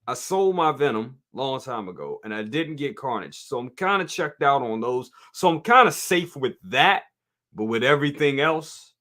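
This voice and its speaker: A man's voice: mid-range voice, very animated, moderate pace, bright, forceful tone. A man hosting a live toy review stream, chatting casually and reading viewer comments aloud. He talks straight to his viewers, repeats himself often and laughs easily. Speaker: toy review show host.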